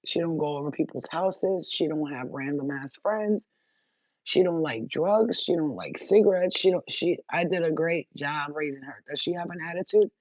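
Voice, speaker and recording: A woman's voice: low-pitched, a little mellow, no echo. Woman spiritual channeler, casual live chat, blunt and profane, dry lo-fi sound.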